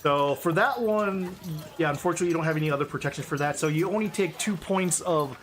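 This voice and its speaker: A man narrating as game master of a tabletop game, relaxed and halting, with many fillers. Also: a little high, a little hiss or hum.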